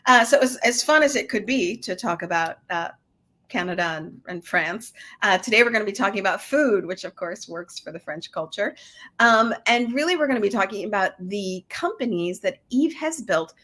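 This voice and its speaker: Woman host, chatty and upbeat, interview podcast, mid pitch. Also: animated, normal speed, bright, forceful tone.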